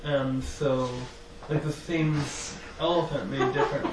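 Male student, slightly high voice, hesitant, far from mic in echoey room. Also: fairly even intonation, unhurried. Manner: soft, hesitant, trails off. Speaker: class student. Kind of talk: classroom discussion. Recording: distant, echoey, noisy room.

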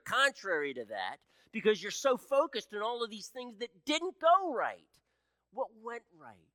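A man in his sixties preaching a sermon as pastor, swinging between loud emphatic peaks and hushed low passages. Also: no room sound, clean studio sound. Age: 60s.

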